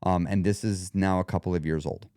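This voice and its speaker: A man hosting a weight loss podcast, coaching the listener directly in a lively monologue. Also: deep voice, fairly quick, clear, resonant tone, no echo, clean studio sound. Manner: animated, coaching, talks straight to the listener.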